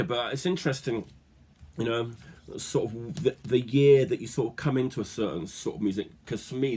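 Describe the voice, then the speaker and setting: A middle-aged Englishman hosts a laid-back vlog about his record collection. His low voice has a husky grain, and he rambles, leaning on filler words and tag questions. He talks close to the mic in a quiet room. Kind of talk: casual vlog chat.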